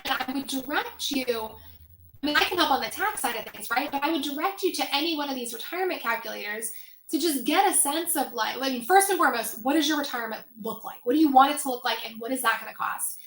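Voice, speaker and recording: A high, bright woman's voice talks through an online finance workshop in a chatty way, full of fillers and quick asides. Her voice is wearing thin from a long session. She sounds like she is in a roomy space with echo. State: voice getting tired. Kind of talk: casual online workshop talk.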